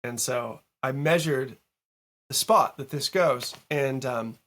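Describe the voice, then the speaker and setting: A man as a podcast guest, a music producer telling a story in casual interview chat, animated and full of fillers and the odd curse. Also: mid-range voice, slow pace. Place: home recording studio.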